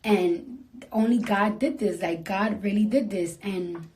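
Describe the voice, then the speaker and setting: A sleepy woman at home at night, talking into her phone on a casual livestream, soft and emotional and often dropping to a whisper. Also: medium pitch, a little slow.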